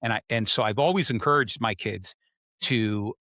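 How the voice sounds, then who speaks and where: A man's voice: fairly low pitch, normal speed, dry recording, studio quality. A middle-aged man hosting a podcast, chatting casually and acting out little stories from home and work. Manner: animated storyteller, acts out quotes. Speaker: podcast host. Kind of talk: casual conversation.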